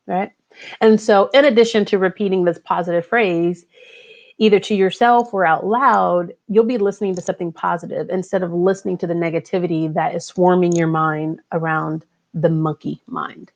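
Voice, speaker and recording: Gravelly-voiced woman giving a motivational talk. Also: mid-range voice, fairly even intonation, moderate pace, darkish tone, muffled recording. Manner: conversational, repeats key phrases. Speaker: podcast host, life coach.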